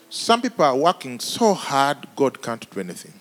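A man preaching an animated, comic sermon, swinging between shouts and hushed asides. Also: medium pitch, moderate pace. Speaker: pastor.

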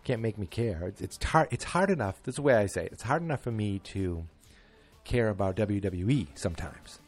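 Rambling man with a low voice. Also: animated, fairly quick. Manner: rambling, wry, self-deprecating, many fillers. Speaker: podcast host. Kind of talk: casual wrestling chat.

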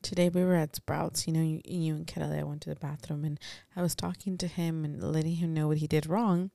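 A woman's voice: low voice, level tone, fairly quick, gravelly, dark tone, no room sound. A woman co-hosting a podcast, chatting casually with a jokey, emphatic manner. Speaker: podcast co-host. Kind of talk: casual chat.

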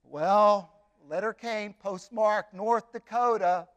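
A man telling a story expressively, with dramatic pauses and emphatic repetition. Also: high-pitched, clear, resonant tone, highs cut off.

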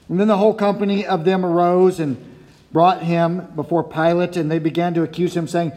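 A man reading scripture aloud in a steady, even way. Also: sits high, a little fast. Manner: steady, even reading with brief self-corrections. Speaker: scripture reader.

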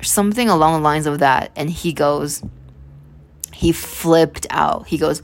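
This is a young woman with a low voice, hosting her own podcast. She tells a story in a loose, chatty way and keeps rambling into asides and restarting her sentences. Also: measured pace, vocal fry. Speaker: podcast host. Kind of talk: casual storytelling monologue.

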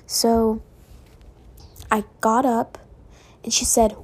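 A woman's voice: on the high side, steady tone, unhurried, creaky, mellow, slightly rough. A young woman telling a personal story in a casual, rambling way at home, full of "like" and "um".

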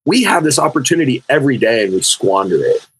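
A man's voice: medium pitch, sing-song, quick pace, slight background noise, low-quality recording. A man co-hosting a freewheeling spiritual conversation who tells stories with animation and acts out the people in them. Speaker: podcast co-host.

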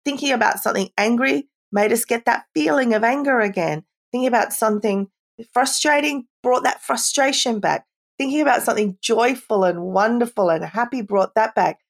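A middle-aged woman speaking as a parenting expert guest, explaining warmly in a conversational interview, with frequent "you know" and light laughs. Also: a little high, moderate pace.

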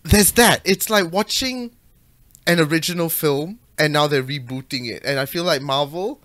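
A man's voice: on the high side, moderate pace, a bit bright, dry recording. Opinionated man chatting about films. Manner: opinionated, swears, emphatic. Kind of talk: casual film chat.

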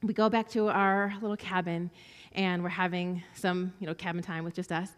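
A woman's voice: fairly low pitch, little pitch movement, moderate pace, clean tone, in a large hall. A woman giving a personal testimony, telling a story and acting out the voices of the children in it. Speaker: speaker sharing a testimony.

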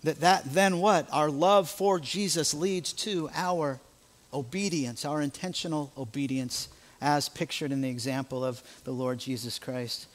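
A man's voice: a little high, measured pace. A male pastor with an American accent preaching a sermon, emphatic and full of rhetorical questions.

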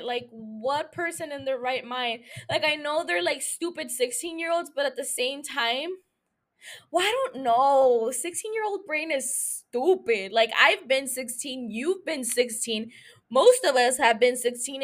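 A woman's voice: high voice, animated, a little slow. A young woman hosting a podcast into a mic, recapping an episode in a casual, profane, joking way that keeps breaking off into asides. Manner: chatty, profane, jokey, self-interrupting. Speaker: podcast host.

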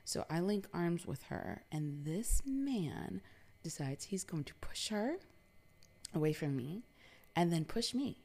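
A woman's voice: lowish voice, animated, slow pace, warm tone. A woman from New York telling a personal story in a casual, chatty way, with lots of fillers and some swearing.

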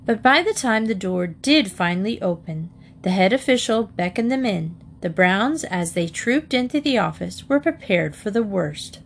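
A woman gives a gentle, measured audiobook narration of a children's story. Her pitch sits in an ordinary middle range, and her telling is calm and even. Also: creaky, slightly rough.

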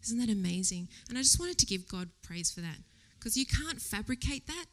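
A woman giving a casual church sermon. She tells a personal story in a chatty, animated way, laughs often and drops to a whisper for quoted thoughts. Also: a little high, brisk. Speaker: lay preacher. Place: church service before a congregation.

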